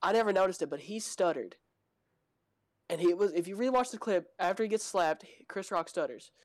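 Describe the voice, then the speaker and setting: A young man co-hosting a podcast in casual chat, jokey, with quick asides and puns. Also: high voice, no room sound. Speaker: podcast co-host.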